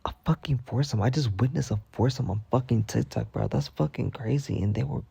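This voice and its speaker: A man's voice: medium pitch, a little fast, vocal fry, hardly any pauses, mellow, breathy edge, no echo. A young man telling a mock-dramatic storytime rant in slangy, swear-filled casual talk. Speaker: storytime vlogger.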